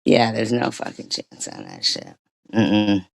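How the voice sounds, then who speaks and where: A woman's voice: extremely low pitch, huge pitch swings, unhurried, creaky, darkish tone. A woman hosting a livestream, ranting casually and profanely with frequent restarts. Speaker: livestream host.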